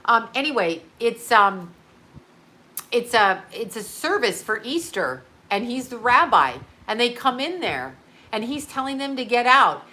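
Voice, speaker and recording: A woman's voice: fairly high pitch, sing-song, unhurried, bright, forceful tone. A woman who works as a psychic, ranting on her livestream in a rambling, emphatic way, swearing now and then and stopping to answer viewer comments. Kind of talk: unscripted livestream rant.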